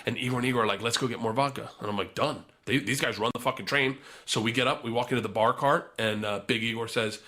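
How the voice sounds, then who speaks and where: A man's voice: medium pitch, fast, few pauses. A young man telling a wild story in casual podcast chat, swearing freely and acting out the other people's voices. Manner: animated, profane storyteller who acts out voices. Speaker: podcast guest.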